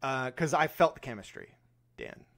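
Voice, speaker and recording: A man's voice: mid-range voice, animated, moderate pace, vocal fry, a bit bright. A young man co-hosting a podcast, chatting casually about a movie, laughing often and acting out lines in silly voices. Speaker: podcast co-host. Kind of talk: casual movie review chat.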